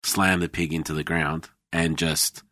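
A man's voice: very deep voice, measured pace, no room sound, studio quality. A man in his thirties, animatedly telling travel stories in casual chat, swearing freely. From Australia. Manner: animated storytelling, swearing, laughing.

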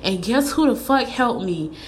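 A woman's voice: fairly high pitch, expressive, unhurried, a little hiss or hum. A young woman telling her own story in a candid vlog monologue, blunt and profane, driving her points home with repetition. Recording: echoey room with faint ambience.

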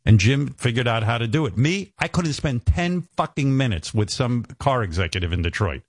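A New York man hosts a radio show, trading casual banter and telling rambling stories loaded with profanity and fillers. His mid-range voice swings widely in pitch at a normal pace, and the studio-quality audio has no echo.

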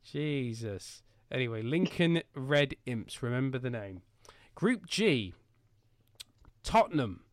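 A man's voice: medium pitch, sing-song, slow pace, no echo. Male podcast host, rambling jokey chat, dry room. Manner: jokey and rambling, with many fillers. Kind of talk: casual football chat. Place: home.

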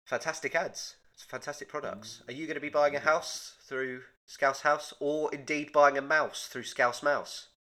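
A man's voice: fairly high pitch, fairly even intonation, moderate pace, few pauses, pushed and bright. A young man co-hosting a comedy podcast, chatty and giggly in casual banter. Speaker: podcast co-host.

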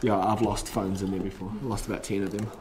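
A man co-hosting a casual podcast who jokes around, restarts his lines and stumbles while reading aloud, going from quiet mumbling to louder reading. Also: fairly low pitch, little pitch movement, fast, noisy background. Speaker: podcast co-host.

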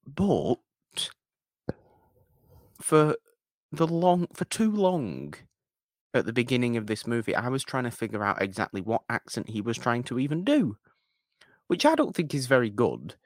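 A man's voice: mid-range voice, very animated, measured pace, pauses often, no echo, studio quality. A British man co-hosting a podcast, chatting casually in a playful, mock-offended way. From Britain. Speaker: podcast co-host. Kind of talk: casual chat.

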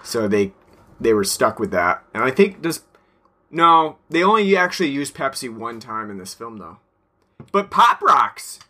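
A man co-hosting a podcast in relaxed casual chat, laughing often and trailing off with fillers. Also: medium pitch, measured pace. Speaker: podcast co-host.

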